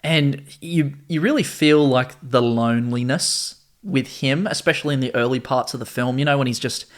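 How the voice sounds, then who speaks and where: A man's voice: mid-range voice, moderate pace. A young man co-hosting a casual podcast, enthusiastic and laughing often. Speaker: podcast co-host. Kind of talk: casual chat.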